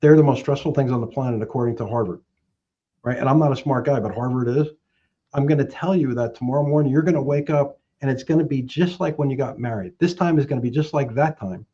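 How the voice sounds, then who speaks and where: Middle-aged male mortgage pro, lively sales-coach delivery on a muffled line. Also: medium pitch, quick pace, slightly rough. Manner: emphatic storyteller, acts out both sides of phone calls. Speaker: guest, mortgage professional. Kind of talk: animated sales coaching talk.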